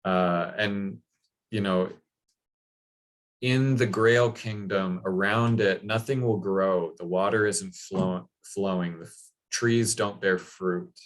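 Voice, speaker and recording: Deep-voiced man retelling a legend casually. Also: steady tone, takes it slowly. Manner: conversational, many fillers and quoted asides. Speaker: speaker on mythology.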